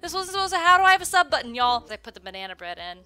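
A woman livestreaming in casual chat, excitable and given to loud, sweary outbursts. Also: sits high, very fast. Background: background music.

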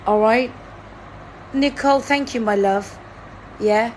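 A woman's voice: fairly high pitch, slow, a little hiss or hum. A woman, hosting a live-stream word-guessing game in a chatty, teasing, playfully dramatic way. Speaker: livestream host.

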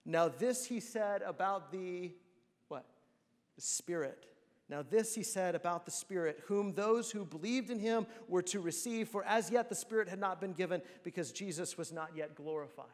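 A man's voice: sits high, normal speed. A man preaching a sermon in a church, asking the congregation rhetorical questions. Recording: long church hall reverb.

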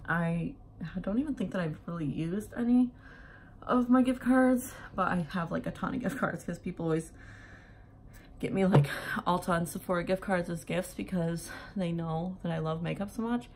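A young woman talking casually as she does her makeup, a little out of breath, filling her speech with ums and likes. Her voice sits somewhat low for a woman. A faint hum of home noise lies under her talk. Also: normal speed, darkish tone. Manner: chatty, many fillers like "um" and "like". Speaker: beauty vlogger. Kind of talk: casual get-ready-with-me chat.

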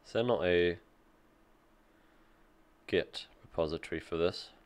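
A man's voice: deep voice, a little slow. A man reading an article aloud and reacting with offhand, dry remarks in a casual tech commentary.

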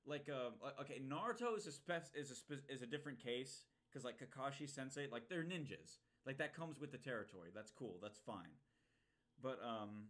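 A man's voice: mid-range voice, animated, normal speed, a bit bright. A young man casually commenting on a game he is playing, ranting and swearing, with lots of fillers and restarts. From United States. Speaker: streamer.

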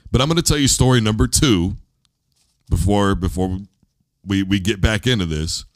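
A man's voice: lowish voice, moderate pace, no room sound. A man in his thirties hosting a casual sports talk show, loose and rambling, often repeating words as he starts a thought. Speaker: show host.

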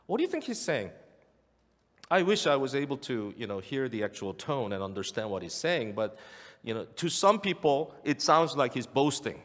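A man's voice: medium pitch, sing-song, normal speed, fairly bright tone. A male pastor preaching a sermon, emphatic and repeating key phrases for weight. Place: church sanctuary. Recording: long church hall reverb.

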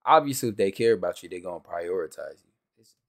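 A man's voice: sits low, expressive, quick pace, gravelly. A man casually commenting with slang as he reacts to a video. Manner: slangy, offhand remarks over a video. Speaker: reaction streamer.

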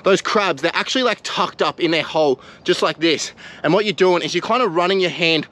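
A young Australian man vlogging outdoors, talking excitedly and casually to his viewers, with plenty of slang. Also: sits high, fairly quick. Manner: excitable, slangy, swears mildly, addresses viewers as guys. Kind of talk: casual vlog narration to camera. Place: outdoors in mangrove mud flats.

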